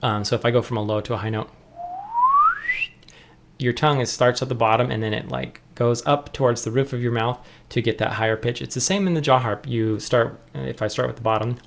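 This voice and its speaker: A young adult man teaching jaw harp technique in a relaxed, explanatory way, often restarting his sentences. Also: medium pitch, brisk, creaky, a little hiss or hum. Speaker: music teacher. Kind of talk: instructional tutorial.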